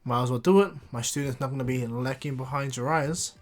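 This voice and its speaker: A man's voice: mid-range voice, fairly quick, darkish tone, soft background music, natural voice. A man voicing a laid-back adult male ninja teacher who speaks with proud assurance.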